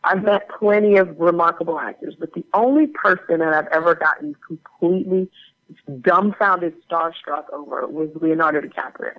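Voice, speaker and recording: A woman's voice: on the low side, moderate pace. Chatty woman telling stories, muffled sound. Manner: animated, chatty anecdote-telling with many fillers. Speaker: guest actor. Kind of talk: casual interview storytelling.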